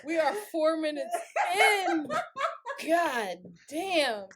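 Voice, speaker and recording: High-pitched laughing woman podcast host. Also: extremely slow, heavy background noise. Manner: laughs often, animated storytelling with slang. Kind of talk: casual chat.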